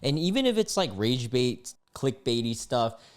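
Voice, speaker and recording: Exasperated young man with a lively voice. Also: mid-range voice, normal speed. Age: 20s. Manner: exasperated, disgusted outbursts between readings. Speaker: online commentator. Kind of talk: reaction commentary reading posts aloud.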